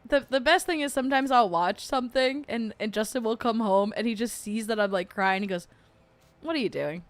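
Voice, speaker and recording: A woman's voice: on the high side, fairly quick, no echo. A woman hosting a casual livestream chat, rambling with lots of fillers and laughing often as she gets emotional. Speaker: podcast host.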